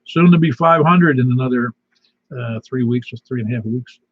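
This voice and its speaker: A man's voice: medium pitch, normal speed, husky. A man with a slight lisp, hosting a casual amateur radio net with rambling announcements. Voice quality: slight lisp from a missing tooth. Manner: folksy, rambling announcements with fillers. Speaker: net control host. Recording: dull lo-fi radio audio.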